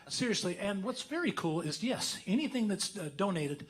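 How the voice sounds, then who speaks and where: A man in a band speaking casually on stage at a concert, making an earnest, halting fundraising appeal with restarts and self-mocking laughs. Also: sits high, expressive.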